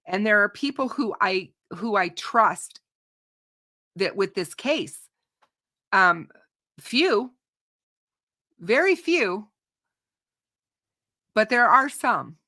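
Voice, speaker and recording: A woman hosts a true crime show and talks unscripted to her audience in a slow, unhurried way. Her tone is bright and forward. She is opinionated, restarts and repeats words, and her voice is starting to go, with some throat clearing. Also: medium pitch. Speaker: true crime channel host. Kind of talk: unscripted commentary to a live audience.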